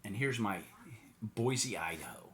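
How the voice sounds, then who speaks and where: A man's voice: fairly low pitch, animated, a little slow, fairly bright tone. An American man delivering a sarcastic, mocking political rant, now and then putting on silly voices. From United States. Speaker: political commentator. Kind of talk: ranting monologue.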